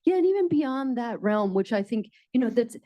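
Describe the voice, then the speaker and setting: A woman's voice: a little high, big pitch swings, moderate pace, no room sound. An American woman, a writer and co-teacher, talking reflectively in a casual onstage conversation. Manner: reflective, lots of soft backchannel murmurs. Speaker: writer and co-teacher at a panel talk.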